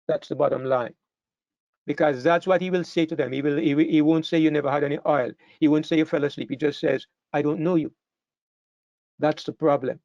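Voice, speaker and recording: A man's voice: on the high side, fairly even intonation, a little fast, creaky, darkish tone, no echo, muffled recording. A man preaching a sermon to a congregation, earnest and emphatic, repeating phrases as he builds to stressed points. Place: church hall with a live congregation.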